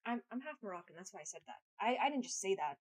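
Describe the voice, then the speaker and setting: A woman's voice: medium pitch, sing-song, fast, breathy edge, low-quality recording. A woman chatting casually on a live stream, rambling, crude and self-mocking, swearing freely. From United States.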